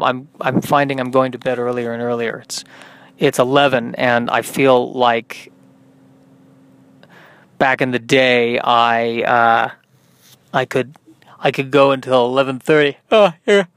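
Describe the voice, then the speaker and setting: A man's voice: mid-range voice, fairly bright tone, clear, resonant tone, no room sound. A man hosting a solo podcast, tired and yawning, rambling in a self-deprecating way. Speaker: podcast host.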